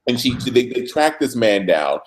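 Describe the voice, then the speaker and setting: Guy cohosting a tv recap, super animated storyteller, pitch bouncing all over, does little voices for the characters. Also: normal speed. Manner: lively storyteller who puts on voices for characters. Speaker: recap show co-host. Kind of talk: animated casual chat, acting out scenes.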